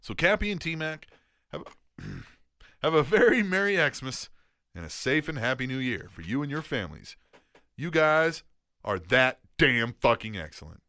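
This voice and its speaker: A man co-hosting a casual wrestling podcast chat, animated and profane, struggling with hiccups. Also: mid-range voice, unhurried, no room sound, studio quality. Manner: animated, swearing, laughing. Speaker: podcast co-host.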